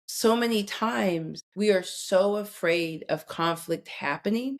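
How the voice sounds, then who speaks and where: A woman in her forties talking as a podcast guest, telling candid personal stories in an earnest, direct way. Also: lowish voice. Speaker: guest expert on conflict. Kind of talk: casual podcast conversation.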